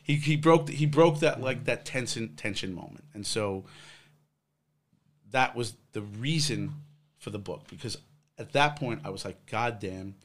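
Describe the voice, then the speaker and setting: With a mid-range voice, lively intonation, and an unhurried pace, a middle-aged ex-cop rambles through a long personal tale in conversation. He performs other people's lines and leans heavily on fillers.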